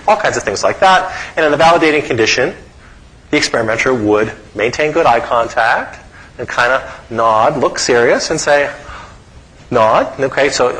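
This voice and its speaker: A middle-aged man giving a psychology lecture in an animated way, often pausing to ask his listeners "okay?". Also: medium pitch, low-quality recording. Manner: animated, frequent "okay?" check-ins.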